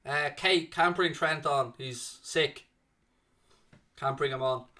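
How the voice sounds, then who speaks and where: A man's voice: a little high, takes it slowly. A young man hosting a live fan watchalong, calling the play and chatting with viewers in between. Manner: chatty, excitable play-by-play, reads chat messages aloud. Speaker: watchalong commentary host. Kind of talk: live fan commentary and chat reading.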